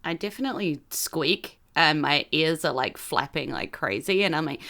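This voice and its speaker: A woman player in casual game chat, animated and quick to laugh. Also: sits low, creaky.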